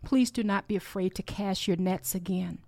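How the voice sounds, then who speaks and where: A woman's voice: medium pitch, moderate pace, gravelly, warm tone, no echo. A woman hosting a podcast, giving a heartfelt, encouraging faith talk with personal stories that ramble and restart. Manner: earnest, heartfelt, exhorting. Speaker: podcast host.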